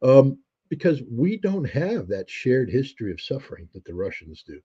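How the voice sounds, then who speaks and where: A man's voice: medium pitch, big pitch swings, moderate pace, dark tone, breathy edge, muffled recording. A man, a guest on an interview show, telling stories reflectively with frequent restarts and fillers. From United States. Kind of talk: conversational storytelling.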